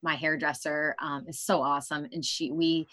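This female podcast host has a low, steady, slightly bright voice at normal speed. In casual interview talk, she's frank and conversational, frequently breaking into laughter mid-sentence.

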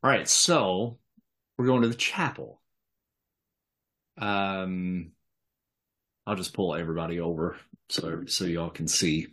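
A man running a tabletop game as game master, laughing often and narrating at an easy, drawn-out pace. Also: low voice. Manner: laughs often, drawling and relaxed.

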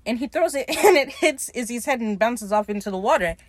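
A woman's voice: fairly high pitch, expressive, fairly quick, dry recording. A woman hosting a podcast, casually recapping a TV episode, swearing freely and acting out the characters' lines with laughter.

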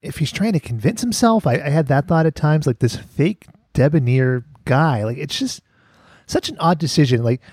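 A man's voice: fairly high pitch, expressive, moderate pace, darkish tone, slightly rough, no echo, clean studio sound. A man hosting a casual podcast, wry and laughing, swearing now and then. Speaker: podcast host.

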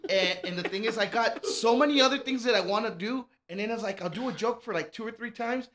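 A man's voice: high voice, fast talker, over a noisy crowd. A man from Laredo, a stand-up comic, telling stories in a casual chat and acting out the people in them. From Laredo, Texas. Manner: animated storyteller acting out voices. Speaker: stand-up comedian guest. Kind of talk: casual podcast storytelling.

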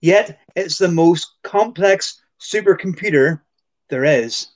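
A man co-hosting a casual podcast builds toward a question by telling it like a story. His voice sits high and he talks slowly.

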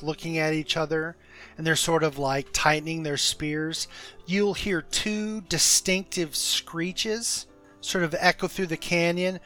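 A man running a tabletop game as game master, narrating in a relaxed, loose way with many fillers. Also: a little high.

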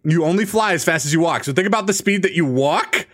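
A man's voice: fairly high pitch, lively intonation, quick pace, a bit bright. A man co-hosting a casual chat, reading out questions in a playful, teasing way and laughing often.

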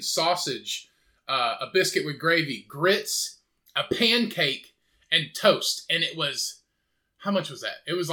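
Young guy on a podcast, super bright voice, kinda high, swears a ton and rambles through stories. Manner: rambling, profane storytelling with laughs. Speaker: podcast co-host. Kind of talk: casual chat.

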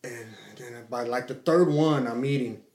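A middle-aged man telling a story in casual chat, swearing freely and acting out quotes with lively energy. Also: medium pitch, normal speed. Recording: echoey room.

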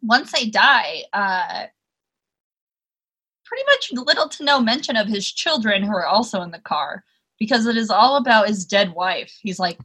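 A woman's voice: medium pitch, moderate pace, husky. A young woman co-hosting a podcast, chatting casually with a lot of swearing and laughter. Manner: profane, animated, laughs often. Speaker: podcast co-host. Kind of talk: casual chat.

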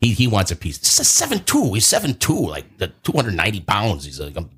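A man spins a long story in a casual chat. His voice is low and husky, and his pitch swings widely whenever he acts out what people said. He talks like a host who enjoys the telling. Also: a little fast. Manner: animated, acts out quotes in a raised voice.

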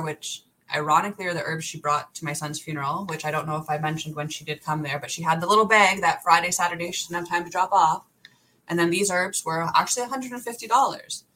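Bright, exasperated young woman telling a story. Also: lowish voice, low-quality recording. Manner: profane, exasperated, fast run-on retelling. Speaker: podcast guest. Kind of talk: candid storytelling in an interview.

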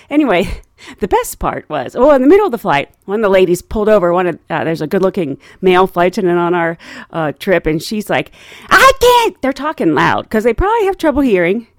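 A woman telling a story about her work as a flight attendant in a casual way, laughing often and acting out passengers in loud, high voices. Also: no echo, clean studio sound.

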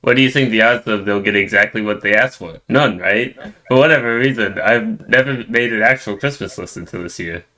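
A man's voice: lowish voice, brisk, pushed and bright, low-quality recording. A man chatting casually with friends, reacting in a dry, understated way. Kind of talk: casual chat.

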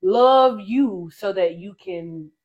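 A woman co-hosting a casual faith podcast, emphatic and preachy, quick to laugh. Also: medium pitch, lo-fi sound, a crowd in the background. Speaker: podcast co-host.

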